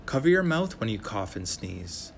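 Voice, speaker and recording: A man voicing a polite but scolding little girl in a read-aloud storybook, lifting his voice higher and sounding prim and correcting. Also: very animated, normal speed, creaky, a little hiss or hum.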